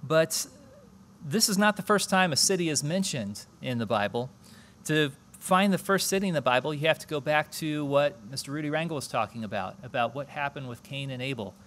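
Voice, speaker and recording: A man's voice: a little high, lively intonation, fairly quick, a bit bright, a little hiss or hum. A man preaching a conversational sermon at a church service, explaining scripture and asking the congregation questions.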